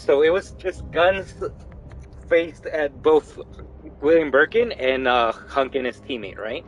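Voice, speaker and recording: Young man, animated profane game streamer. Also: a little high, slow, highs cut off. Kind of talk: casual gaming commentary.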